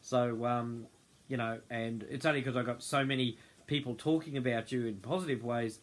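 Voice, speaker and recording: A man's voice: mid-range voice, fairly even intonation, moderate pace. A man hosting an unscripted livestream, rambling and often losing his train of thought. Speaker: host of a group livestream. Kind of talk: unscripted casual livestream talk.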